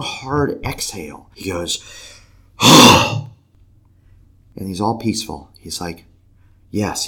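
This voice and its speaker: A man with a fairly low voice tells a story with a lot of swing in his pitch. He talks casually and slips into the voices of the people he describes. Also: slightly rough. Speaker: podcast guest telling a story. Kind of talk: animated storytelling.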